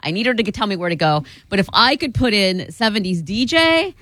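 A woman's voice: medium pitch, lively intonation, fairly quick, a bit bright, no echo. A woman co-hosting a radio show in casual banter, teasing her co-host and laughing often.

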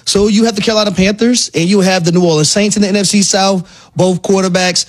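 A fairly high-voiced male co-host giving sports analysis on the radio. He speaks emphatically and doubles words to stress his point. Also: steady tone, fast. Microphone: studio mic.

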